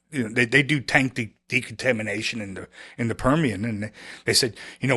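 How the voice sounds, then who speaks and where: Businessman guest, telling stories in a halting, rambling way. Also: medium pitch, pushed and bright, slightly rough. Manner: rambling, halting, with many restarts and quoted dialogue. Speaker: podcast guest, chemical company founder. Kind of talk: casual storytelling interview.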